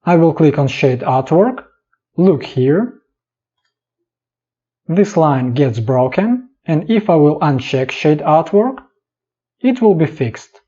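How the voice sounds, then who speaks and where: A man narrating a step-by-step software tutorial in calm, clipped instructions. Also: on the high side, takes it slowly, pauses often, slightly rough. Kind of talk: step-by-step screen tutorial voice-over. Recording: dull lo-fi voice-over.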